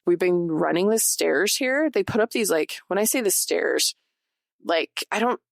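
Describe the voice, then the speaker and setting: Low-voiced woman hosting a chatty podcast. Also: expressive, measured pace, creaky, no echo, studio quality. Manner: chatty, addresses listeners directly, laughs often. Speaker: podcast host. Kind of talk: casual solo podcast talk; partly reading from notes.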